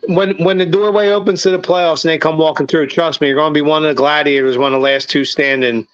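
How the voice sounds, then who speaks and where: A man's voice: fairly high pitch, fairly even intonation, fast talker, smooth, no echo. A man co-hosting a casual sports podcast, talking in a profane, emphatic way that swells into heated rants. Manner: profane, emphatic, rising to near-shouting rants. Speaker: podcast co-host. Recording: dull lo-fi sound.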